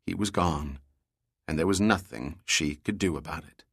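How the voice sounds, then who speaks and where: A man narrating an adventure novel audiobook in a measured, even storytelling manner. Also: rumbling low, no room sound, clean studio sound.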